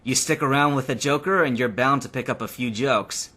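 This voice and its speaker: A man's voice: mid-range voice, fairly quick, pushed and bright. Brief: man voicing a wry, easygoing fire creature. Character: laid-back male fire creature.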